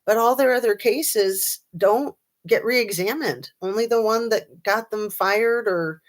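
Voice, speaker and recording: A woman's voice: fairly high pitch, unhurried. A woman hosting a casual true-crime livestream, chatting and reading viewer comments with lots of ums and a sarcastic streak.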